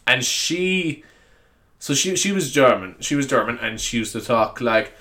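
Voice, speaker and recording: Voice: medium pitch, animated, unhurried, fairly bright tone. A young adult podcaster with an Irish accent, chatting alone in a rambling, self-mocking way and laughing often. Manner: self-mocking, giggly, apologetic. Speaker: podcast host. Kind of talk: rambling solo podcast chat.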